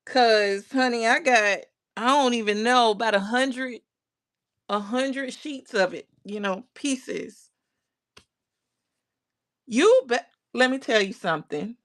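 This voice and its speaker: A woman's voice: fairly high pitch, takes it slowly, a bit bright. A woman hosting a casual crafting livestream, greeting viewers by name, reading their comments aloud and talking herself through her work. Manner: talks to herself while working on crafts.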